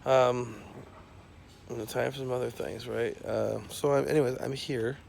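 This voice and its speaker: Gravelly man in a rambling rant. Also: mid-range voice, fairly even intonation, moderate pace, a little mellow, a little hiss or hum. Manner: profane, filler-heavy, rambling. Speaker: self-described scientist.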